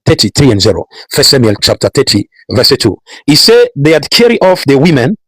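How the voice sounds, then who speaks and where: A pastor preaches a sermon, repeating phrases and building emphasis as he calls out Bible verses. His voice is mid-range with a breathy edge, and the recording is dry and low in quality.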